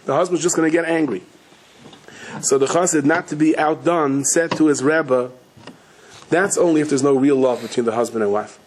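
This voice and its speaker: Man, rabbi, storytelling sermon, animated quoted voices, self-correcting, medium pitch, faint background noise. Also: moderate pace. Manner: frequent restarts and self-corrections. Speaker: rabbi giving a Torah talk.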